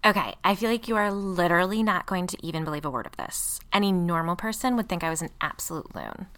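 A woman performs a pushy suburban woman who gushes and whines through every sentence, her bright voice swooping up and down as she complains theatrically. It is an audiobook character read with a sharp, lively delivery. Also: on the low side, fast talker. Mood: chatty. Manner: whiny, gushing, theatrical.

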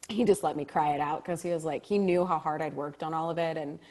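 A woman who acts on stage tells a story in conversation, speaking quickly in a low voice. She's animated, acts out quoted dialogue, and laughs often.

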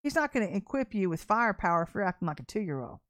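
A woman's voice: mid-range voice, very animated, fast talker, a bit bright, no echo, clean studio sound. A woman preaching a sermon in a blunt, conversational and emphatic way.

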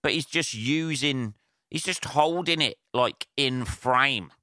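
A man's voice: mid-range voice, slow pace, pushed and bright, no echo, clean studio sound. A man hosting a solo podcast, talking in a rambling, profane, casual rant with many fillers and restarts. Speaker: podcast host. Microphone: handheld portable recorder.

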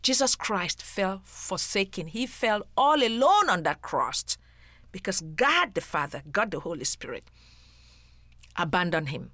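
A woman's voice: mid-range voice, sing-song, measured pace, bright, forceful tone, no echo. A woman giving an earnest devotional Bible teaching, emphatic and speaking straight to the listener as a friend.

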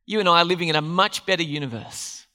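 A man preaching a sermon to his church, animated and quick to question the congregation. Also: on the high side. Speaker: pastor.

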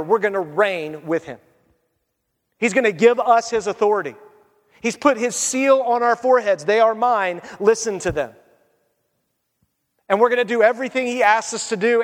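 High-voiced pastor preaching in a hall. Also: male voice. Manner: animated storytelling, scripture reading, hushed appeals. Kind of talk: sermon. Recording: hall reverb.

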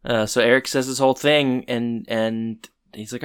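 A man co-hosting a casual recap chat, retelling scenes with relaxed, dry asides. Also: mid-range voice, moderate pace, clean tone. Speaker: podcast co-host.

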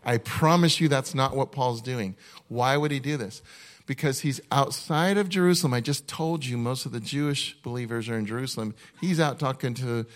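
A male pastor giving a sermon in an earnest, conversational way, often restarting his sentences and slowing down to read a list one item at a time. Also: mid-range voice.

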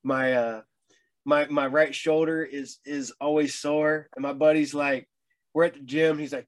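Halting middle-aged man with a higher voice. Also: steady tone. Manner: halting, repeats words, wry. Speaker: guest. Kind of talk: casual chat.

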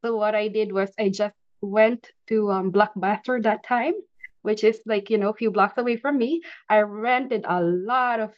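Woman guest, lively storyteller with frequent restarts, recorded a bit muffled. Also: medium pitch, normal speed, dry recording. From Philippines. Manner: animated, laughs often, frequent restarts. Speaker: podcast guest. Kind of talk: casual interview storytelling.

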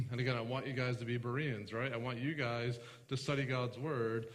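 A male pastor delivers a conversational sermon at a mid-range pitch, checking in with listeners through questions. He slows right down when reading verses aloud and clears his throat often. His voice rings out with a long echo, as in a church hall. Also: fairly even intonation. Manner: conversational, asks the congregation questions; slows down to read scripture aloud.

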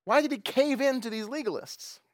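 A man's voice: extremely high pitch, a little fast, no echo, studio quality. A man preaching a casual sermon, retelling a Bible story with jokes and acting out the quoted lines. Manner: animated, joking, acts out quoted lines. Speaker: pastor.

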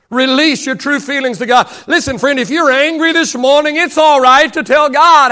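High-pitched preaching man, bright voice. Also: steady tone, fairly quick, hardly any pauses. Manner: impassioned preaching, repeats phrases, lines trail off quietly. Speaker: pastor. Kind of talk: sermon.

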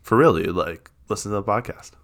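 A man's voice: fairly low pitch, expressive, fairly quick, fairly bright tone. A man co-hosting a casual chat podcast, rambling and playful with lots of fillers. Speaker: podcast co-host.

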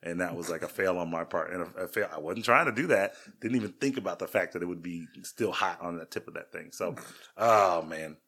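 Rambling man telling stories, lowish voice. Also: a little fast, a bit bright, husky. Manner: rambling, self-deprecating storyteller with many restarts. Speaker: podcast co-host. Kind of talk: casual storytelling chat.

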